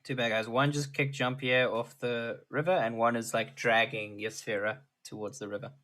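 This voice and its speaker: A man narrating as game master of a tabletop game, explaining rules in a relaxed way and laughing easily. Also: mid-range voice, normal speed.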